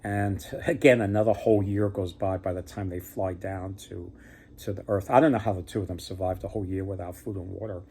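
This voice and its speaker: A man's voice: low-pitched, fairly even intonation, brisk, a little mellow, slightly rough. A man hosting a casual myth retelling, rambling with lots of fillers and joking asides. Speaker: mythology storyteller host.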